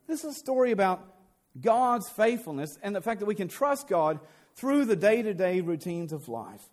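A male pastor with a noticeably high voice delivers a sermon. He retells the old story in plain, conversational language, with a lively, animated delivery. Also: moderate pace. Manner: retells scripture in lively everyday speech.

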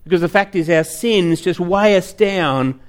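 A man's voice: sits high, unhurried. A male preacher, giving an earnest sermon full of vivid storytelling.

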